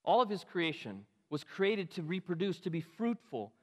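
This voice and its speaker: Male pastor mid-sermon, fervent, swinging between loud peaks and hushed asides, long church reverb. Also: high-pitched, very animated, normal speed. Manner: impassioned, rising to emphatic peaks and dropping to quiet asides. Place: church sanctuary.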